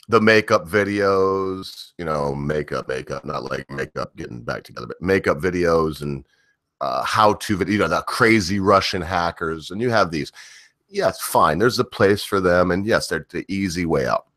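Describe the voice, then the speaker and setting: A man's voice: low-pitched, bright, forceful tone, no echo, studio quality. A middle-aged man hosting a livestream, ranting in a rambling, profane way with frequent chuckles. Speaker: livestream host.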